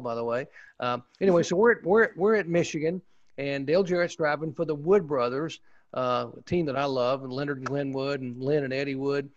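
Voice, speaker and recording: A man's voice: mid-range voice, no echo. A man and former pit reporter, telling a story in a casual interview, enthusiastic and rambling with restarts. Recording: dull, muffled lo-fi audio.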